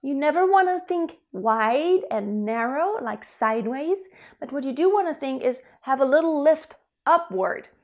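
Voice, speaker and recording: A young woman coaching singers with a slightly high voice. She explains vocal technique in an easy, chatty way and breaks into short sung demonstration notes. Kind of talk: singing lesson.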